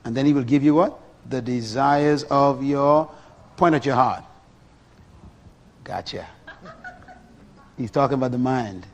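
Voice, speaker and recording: A middle-aged man preaching a sermon, animated and full of rhetorical questions to his listeners. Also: mid-range voice, measured pace, long pauses, muffled recording.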